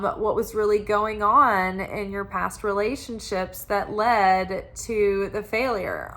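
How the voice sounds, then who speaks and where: A woman's voice: mid-range voice, a bit bright. A woman giving a casual tarot reading, chatty and full of "like" fillers. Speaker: tarot reader.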